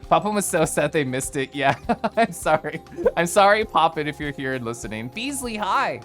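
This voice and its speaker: A male streamer catching up on his chat with a lively voice that swoops up and down as he reacts. He talks in a playful, giggly way, and soft music plays faintly behind him. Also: a little high, moderate pace. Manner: animated and giggly, playful voice swings.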